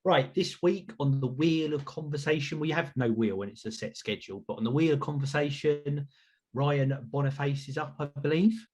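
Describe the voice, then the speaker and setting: A man's voice: fairly high pitch, normal speed, darkish tone, slightly rough. A man hosting a podcast, chatting casually in an upbeat, self-reflective way. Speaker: podcast host.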